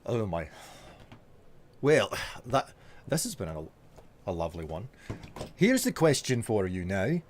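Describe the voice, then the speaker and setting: A man's voice: on the low side, sing-song, unhurried, long pauses, slight background noise. A man with a Scottish accent, chatting as a streamer, reading and answering viewer messages with hesitant fillers. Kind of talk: live stream chat while gaming.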